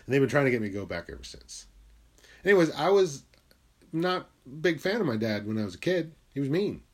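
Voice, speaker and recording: A young man from Connecticut talking candidly about his life in a blunt, confessional way. He swears freely and sometimes drops into quiet, low asides. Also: sing-song, brisk. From Connecticut, USA. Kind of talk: candid personal monologue.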